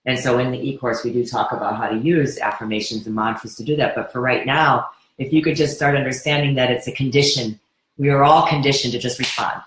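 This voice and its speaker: A woman's voice: extremely low pitch, steady tone, a little fast, a little hiss or hum. A woman hosting a live wellness course Q&A, talking in an earnest, encouraging way with frequent restarts. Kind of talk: live webinar Q&A. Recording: roomy echo.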